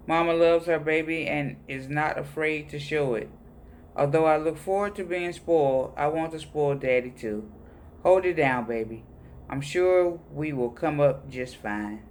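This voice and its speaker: A man reading personal letters aloud in a plain, unhurried voice. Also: fairly high pitch, slight background noise. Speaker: reader of letters.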